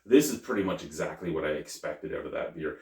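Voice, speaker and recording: A man's voice: rumbling low, animated, quick pace, a little mellow. A man casually reviewing a beer on camera, chatty and thinking aloud, correcting himself as he goes. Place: at home. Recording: roomy, mic at a distance.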